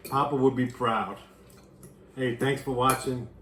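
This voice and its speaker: A man's voice: mid-range voice, a little slow, background noise. A man hosting a casual home cooking show, talking easily as he cooks and plates a dish. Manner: relaxed, talks while cooking with fillers. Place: home kitchen. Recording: clattering dishes and pans behind.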